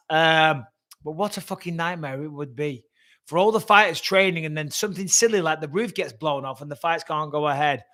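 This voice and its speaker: A talkative English man with a slightly higher voice than most men, hosting a laid-back live Q&A over a webcam. He rambles, swears casually and answers comments as they scroll by, in a slightly echoey room at home. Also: a bit bright. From England. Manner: chatty, swears freely, reads out viewer comments. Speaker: host. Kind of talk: casual livestream Q&A. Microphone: webcam livestream.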